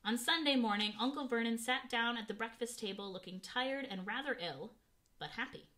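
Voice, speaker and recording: A woman's voice: a little high, normal speed, a bit bright, a little hiss or hum. A woman reading a children's novel aloud, narrating expressively and giving the characters voices. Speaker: audiobook reader.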